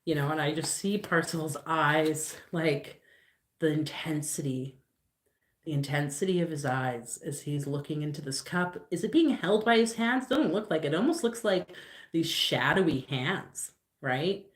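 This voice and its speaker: A woman's voice: low voice, measured pace, reverberant. A woman doing a casual live card reading, musing aloud with lots of fillers and loose, rambling phrasing. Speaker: tarot reader on a livestream.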